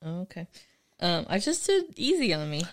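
A woman's voice: fairly low pitch, very animated, normal speed. A woman co-hosting a podcast in casual chat, giving brief replies and laughing easily. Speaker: podcast co-host.

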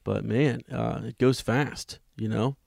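A man co-hosting a book club podcast, hoarse from a cold and losing his voice, talking casually with fillers and throat clearing. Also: medium pitch, steady tone, takes it slowly, darkish tone, dry recording, studio quality. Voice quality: gravelly. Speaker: podcast co-host.

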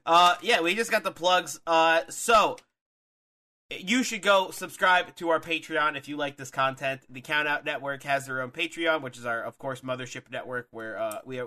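A man's voice: medium pitch, bright, forceful tone. A man co-hosting a podcast, chatting loosely and upbeat, with frequent restarts. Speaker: podcast co-host. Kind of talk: casual podcast chat.

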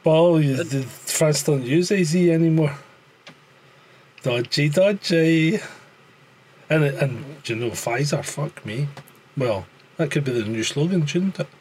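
A man's voice: fairly high pitch, lively intonation, a little slow, a little mellow, slight background noise. A Scottish man in casual podcast chat, blunt and sweary, with a joking edge. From Scotland. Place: living in France.

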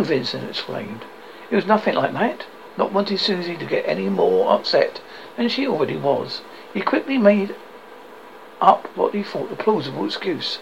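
A man's voice: sits high, very animated, normal speed, gravelly, muffled recording, slight background noise. A man reading an extract from his own book aloud, telling the story steadily with occasional slips. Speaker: author and narrator.

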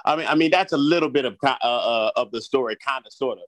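A man's voice: medium pitch, quick pace, a bit bright, no echo. A man telling rambling, profane stories as an interview guest, repeating himself as he goes. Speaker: guest, gardening business owner. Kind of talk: comic interview banter.

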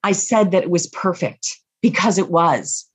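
Husky lower-voiced woman telling a family story, slow and thoughtful. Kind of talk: personal story told to an audience.

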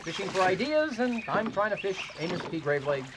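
A man's voice: high-pitched, sing-song, a little fast, background noise. A man co-hosting a comedy radio sketch, sarcastic and exasperated. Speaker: radio comedy show co-host.

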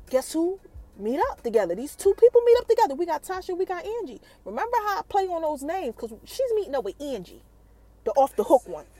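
Animated high-voiced woman podcast host. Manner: animated, keeps asking the listeners questions. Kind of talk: casual TV episode recap.

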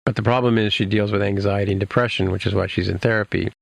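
Man, low gravelly voice, dry close sound, casual podcast recap, rambling. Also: steady tone, quick pace, no echo. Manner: rambling, many fillers and restarts. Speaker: podcast host recapping an episode. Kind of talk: casual chat.

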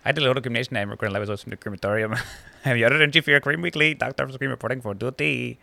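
A young man in his twenties with a gravelly, bright-edged voice clowns through a casual podcast chat. He throws in deadpan bits and laughs often, recorded dry and close to the mic. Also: mid-range voice, rapid-fire, no room sound. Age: 20s. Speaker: podcast co-host.

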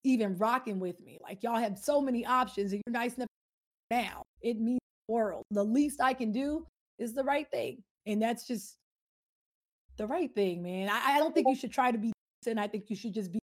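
A woman streamer answering a viewer question in casual, heartfelt chat, rambling and earnest with slangy talk. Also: on the high side. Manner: rambling, earnest, slangy, quick swings to loud.

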